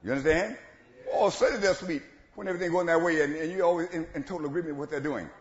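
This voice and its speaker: A man preaching a sermon in church, swinging from shouted lines to low asides and chuckles. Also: racing. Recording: echoey church room, dull lo-fi sound.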